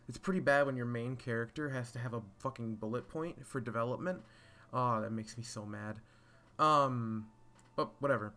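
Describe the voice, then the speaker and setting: A man's voice: medium pitch, pushed and bright. A man giving a casual, scatterbrained spoken review of a show, full of fillers, restarts and casual swearing. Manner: scatterbrained, rambling with frequent fillers. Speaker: video reviewer.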